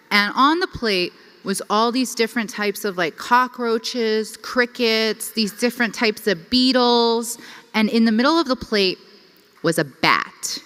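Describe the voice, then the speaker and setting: A young woman telling a personal story to a conference audience, chatty and full of "like". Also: mid-range voice. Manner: lively, chatty, filler-heavy with frequent "like". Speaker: conference speaker. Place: conference hall. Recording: reverberant hall.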